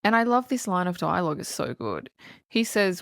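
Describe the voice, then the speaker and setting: A woman co-hosting a podcast, excitedly retelling film scenes with plenty of swearing. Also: lowish voice, moderate pace, creaky, dry recording, studio quality. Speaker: podcast co-host. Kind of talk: casual film review chat.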